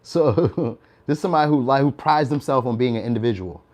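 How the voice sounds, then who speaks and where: A man in his young adult years gives an informal tarot reading in an easygoing, conversational way. His voice sits at a medium pitch. He laughs a lot and checks in with listeners by asking "all right?". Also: animated, a little fast, darkish tone. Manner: chatty, laughs often, tags lines with "all right?". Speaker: tarot reader.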